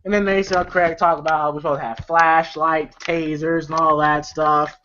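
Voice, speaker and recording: A man's voice: fairly high pitch, level tone, normal speed, pushed and bright, a little hiss or hum. A man casually retelling movie scenes as a reviewer, rambling with lots of fillers and laughter. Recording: slightly dull lo-fi audio.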